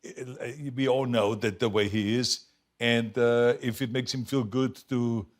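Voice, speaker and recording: A man's voice: mid-range voice, measured pace. An older man in his seventies with an Austrian German accent, telling stories as a talk show guest and acting out the quotes. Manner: animated storyteller, acts out quotes, laughs often. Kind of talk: casual chat. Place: TV studio with audience.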